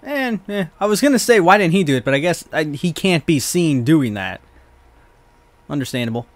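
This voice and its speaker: A man's voice: on the high side, expressive, normal speed, dry recording. Casual, swearing let's play guy. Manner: chatty, swearing, exclaims at the game. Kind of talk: casual gameplay commentary.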